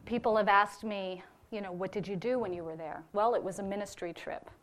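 A woman's voice: mid-range voice, fairly quick. A woman giving a personal testimony to her church about a ministry trip, speaking earnestly and from the heart, with fillers.

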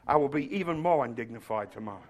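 A man preaching a sermon, swinging from loud shouted passages to quiet, chatty, humorous asides. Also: mid-range voice, animated, fast talker. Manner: tells stories with humor.

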